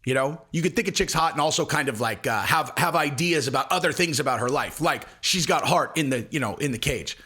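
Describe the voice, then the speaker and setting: A man's voice: a little high, brisk, few pauses, pushed and bright, husky. A man ranting casually to camera as an online commentator, rambling and crude, often cutting himself off mid-sentence. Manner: rambling, crude, self-interrupting. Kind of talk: casual video rant.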